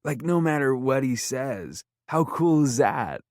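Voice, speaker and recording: A man playing an eager young fan who fawns and gushes, pitched above a low speaking voice. The sound is dry and close. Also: expressive, slow, no room sound. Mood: gushing. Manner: gushing, fawning.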